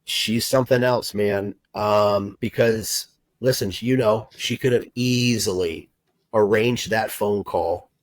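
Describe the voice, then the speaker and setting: A middle-aged man telling his personal story as a podcast guest, heartfelt and halting, with many fillers and restarts. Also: lowish voice, no echo, rough recording. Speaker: guest, recruiter and agency owner.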